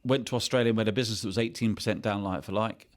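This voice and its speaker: A man's voice: fairly low pitch, steady tone, rapid-fire. Chatty English man in his fifties. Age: 50s. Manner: chatty anecdotal storyteller, chuckles often. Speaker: guest, company CEO. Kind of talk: podcast interview storytelling.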